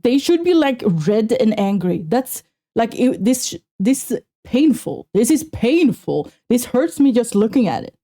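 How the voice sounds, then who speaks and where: A woman streamer chatting casually with her viewers while reacting to a video, animated and self-mocking, with a slight Swedish accent. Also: a little high, unhurried. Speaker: VTuber streamer.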